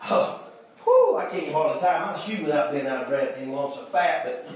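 A man preaching a folksy revival sermon, telling stories and building up to shouts. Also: on the high side, animated, fairly quick, heavy reverb, far from the mic, slight background noise. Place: church sanctuary.

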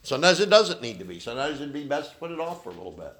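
A man's voice: fairly high pitch, sing-song, racing, fairly bright tone. A man preaching a sermon as pastor, who often ends his points with a questioning "okay?". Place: church.

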